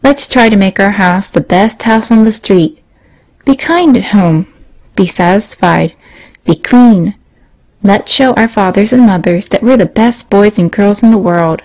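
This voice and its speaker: A woman narrating a children's moral story in a gentle storytelling manner, asking the young listeners questions. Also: medium pitch, unhurried, poor audio.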